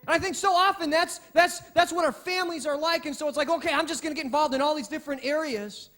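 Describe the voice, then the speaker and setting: A man preaching a sermon as pastor, in a lively, conversational way with frequent restarts. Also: extremely high pitch, fast talker.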